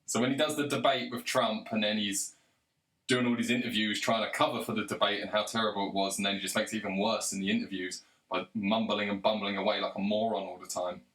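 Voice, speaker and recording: A man's voice: on the low side, steady tone, fast, fairly bright tone. A man delivering an angry, sarcastic, profanity-laden rant to the camera. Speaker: video commentator. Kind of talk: ranting monologue. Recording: roomy echo.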